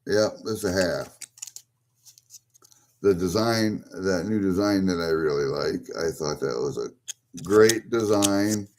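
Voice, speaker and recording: A man's voice: deep voice, takes it slowly, long pauses, a little mellow, slight background noise. A man talking casually to himself as he opens packages, muttering and rambling as he goes. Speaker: vlogger opening packages. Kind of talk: casual unboxing commentary.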